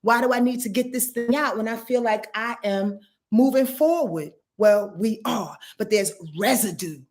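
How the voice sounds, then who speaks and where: A woman's voice: a little high, moderate pace. A woman giving a casual astrology forecast, talking in an earthy, emphatic way and swearing freely.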